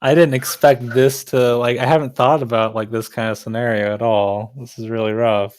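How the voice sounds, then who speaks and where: A man's voice: mid-range voice, little pitch movement, moderate pace, a little mellow, clear, resonant tone. A man playing in an online tabletop game, chatting casually and complaining with humor. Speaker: player. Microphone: voice call.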